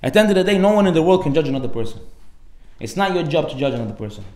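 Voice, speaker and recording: A man giving a sermon as a rabbi, animated, acting out the voices in his stories. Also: fairly high pitch, very fast, roomy sound. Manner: animated storytelling, acts out dialogue.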